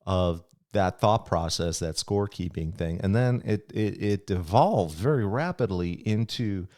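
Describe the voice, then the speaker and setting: A man's voice: low voice, expressive, unhurried, a little mellow. A middle-aged man hosting a podcast, talking in a casual, reflective, rambling way with restarts and chuckles. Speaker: podcast host.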